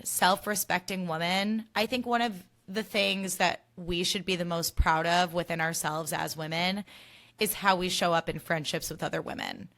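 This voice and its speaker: A woman's voice: mid-range voice, pushed and bright. A young woman hosting a podcast, giving a casual recap in an emphatic, ranting style and swearing freely. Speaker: podcast host.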